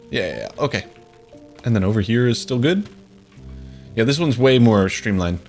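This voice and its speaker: Lively, playful young male streamer. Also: medium pitch, normal speed, long pauses. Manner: playful, joking, mock-dramatic. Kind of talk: live game stream commentary. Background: faint game music.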